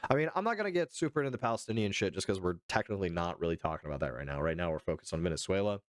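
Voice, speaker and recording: Casting: male streamer, low, lively voice, clean and dry sound, hesitant, circles back on himself, casual cursing. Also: racing, dry recording. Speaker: livestreamer reading chat. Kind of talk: casual livestream commentary. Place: home streaming setup.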